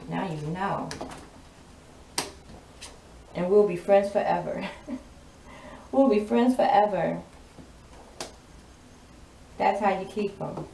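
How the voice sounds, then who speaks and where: A woman gives a sassy, drawling tarot reading in a spoken channeling style, laughing often, her medium-pitched voice gravelly and a little mellow. She's distant from the mic and off-axis, in an echoey room with a noisy recording.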